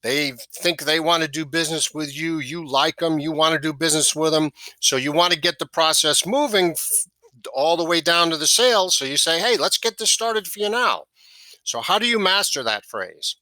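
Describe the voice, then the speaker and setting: A sales trainer speaks to camera with a fairly high, bright, forceful voice at a moderate pace, and there's no room sound. He coaches a sales course step by step, repeating key phrases and checking in with "right?" and "okay?" as he goes.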